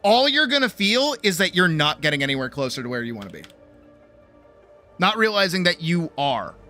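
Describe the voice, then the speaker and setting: A woman's voice: fairly low pitch, very animated, fairly quick, sharp tone, faint music behind. A woman streamer giving a rambling, profane pep talk in casual livestream chat. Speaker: streamer and artist.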